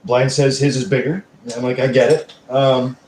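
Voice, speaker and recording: A man's voice: medium pitch, flat delivery, normal speed, a little mellow, a little hiss or hum. A man hosting a live stream at home, chatting casually with viewers, rambling and swearing constantly while answering chat messages. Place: at home, seated.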